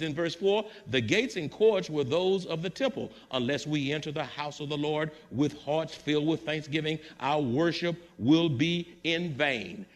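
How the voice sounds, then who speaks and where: A man preaching a sermon to his church congregation, building fervor through repetition. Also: a little high. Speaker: pastor. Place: church sanctuary.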